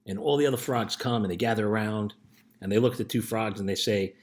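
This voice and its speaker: A man's voice: on the low side, fast. A middle-aged man, a youth life coach, telling a story in an earnest casual motivational talk and often checking in with "right?".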